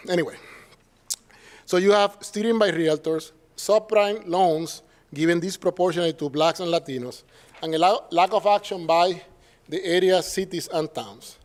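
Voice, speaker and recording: A man speaking English with a Puerto Rican Spanish accent delivers a symposium lecture in a fairly high voice. He keeps it conversational and wry, tossing quick tag questions to his listeners between points. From Puerto Rico. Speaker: professor giving a symposium talk. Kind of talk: public lecture.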